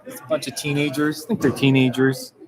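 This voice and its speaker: A man's voice: medium pitch, flat delivery, a little fast, a crowd in the background, rough recording. A man talking to the camera in a casual vlog, rambling and self-mocking and laughing often, outdoors in a small mountain town. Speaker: vlogger.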